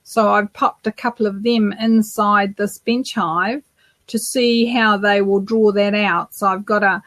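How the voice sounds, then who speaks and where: A woman's voice: medium pitch, steady tone, measured pace, a bit bright, no echo. A woman from New Zealand co-hosting a beekeeping podcast, chatting casually with lots of fillers and restarts. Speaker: podcast co-host. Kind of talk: casual live Q&A chat.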